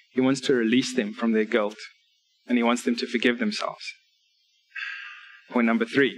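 Male preacher in a church service, delivering an earnest sermon with scripture readings and clear numbered points. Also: medium pitch, fairly bright tone, low-quality recording. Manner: earnest, direct appeals to listeners.

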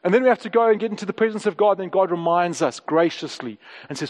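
A man's voice: high voice, animated, fast. A man, preaching a sermon and telling candid personal stories, often repeating his phrases. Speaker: pastor. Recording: long hall reverb.

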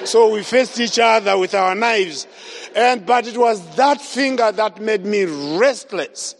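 A man with a high voice preaches his life story to a congregation, throwing himself into each scene and acting out every voice he quotes. His words ring out with a long hall reverb. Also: a little slow. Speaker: evangelist. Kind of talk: testimony sermon.

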